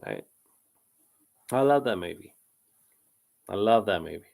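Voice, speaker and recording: Rambling chatty man, gravelly voice. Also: fairly low pitch, lively intonation, measured pace, a little mellow. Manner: rambling, self-interrupting, laughs often. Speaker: live quiz host reading chat comments. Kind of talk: casual live-stream chat.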